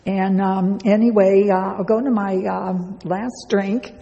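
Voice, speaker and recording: A woman's voice: mid-range voice, steady tone, takes it slowly, gravelly, mellow, dull audio. A woman giving a chatty personal testimony to a live audience, laughing often and speaking to listeners directly. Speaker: speaker sharing a recovery story. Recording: long hall reverb.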